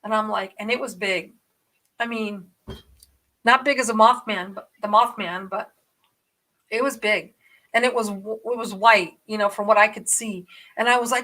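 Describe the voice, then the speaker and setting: Excitable rambling woman vlogger. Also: medium pitch, moderate pace. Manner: rambling, excitable, swings between hushed and loud. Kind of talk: casual storytelling to camera.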